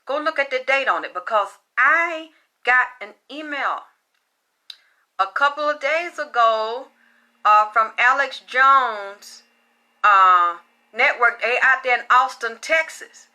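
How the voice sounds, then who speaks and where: Blunt, foul-mouthed woman spiritual reader. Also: sits high. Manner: animated, blunt, swears freely. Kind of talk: casual profane storytelling.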